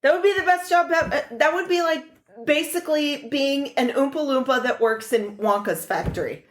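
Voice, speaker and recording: A woman co-hosting a podcast in casual chat, speaking in an unhurried, chatty way. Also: high-pitched. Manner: unhurried, chatty, laughs often. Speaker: podcast co-host.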